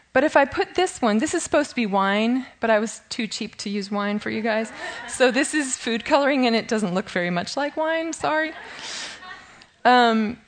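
A middle-aged woman giving a casual, self-deprecating Bible study talk, laughing often and a bit shaky with nerves. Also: a little high. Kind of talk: informal teaching talk.

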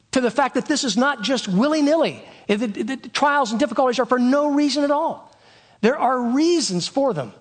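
A male pastor preaching a sermon in an emphatic way, repeating his key phrases. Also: very high-pitched.

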